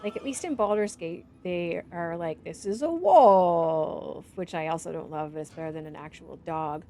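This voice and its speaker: A woman's voice: sits low, fairly even intonation, brisk, a little mellow. A middle-aged woman chatting casually through her gameplay as a streamer, humming and singing little tunes under her breath. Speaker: game streamer.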